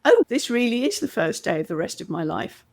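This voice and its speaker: Animated British woman with a gravelly edge. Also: a little high, a little fast. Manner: animated storyteller, acts out quoted voices. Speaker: guest, communication coach. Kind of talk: podcast interview.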